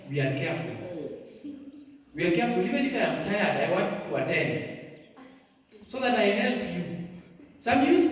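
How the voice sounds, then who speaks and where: A man preaching to a youth seminar, emphatic, moving between loud bursts and quiet asides. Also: high-pitched. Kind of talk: sermon. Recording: echoey hall, from far off.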